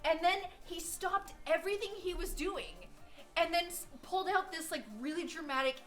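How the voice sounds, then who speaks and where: An American woman chatting casually on a live stream, telling rambling, animated stories. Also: very high voice, normal speed, faint music behind. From United States. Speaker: streaming artist.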